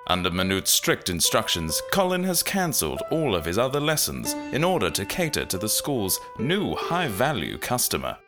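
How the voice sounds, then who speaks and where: A man's voice: lowish voice, wildly swooping pitch, normal speed, few pauses, over music. A man giving earnest mock documentary narration.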